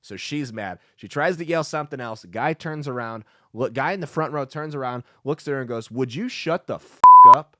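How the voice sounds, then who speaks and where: A brash man holds forth in an emphatic podcast monologue, laced with crude jokes. His voice sits at a middling pitch and is recorded very dry in a studio, with no room sound. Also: a little fast, few pauses, no echo. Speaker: podcast host and comedian.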